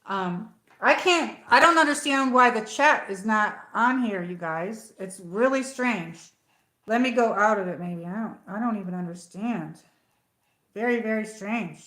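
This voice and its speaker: A woman's voice: mid-range voice, measured pace, a bit bright. A woman hosting a casual livestream from home, telling a story with lots of fillers and restarts. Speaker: livestream host. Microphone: tablet. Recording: echoey room.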